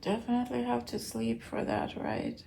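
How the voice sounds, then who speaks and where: Woman, actor, weary diary voice; fairly high, heavy vocal fry, soft and often whispering. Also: big pitch swings, moderate pace, a little hiss or hum. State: weary, low on energy. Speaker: actor keeping a video diary. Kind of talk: late-night video diary.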